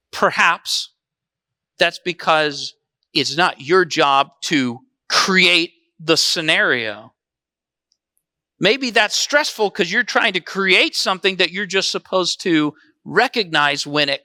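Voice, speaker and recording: A man's voice: high voice, expressive, slow, long pauses, pushed and bright, no echo. Male pastor, sermon, talks straight to the congregation, dry close sound. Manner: conversational, asks the congregation questions.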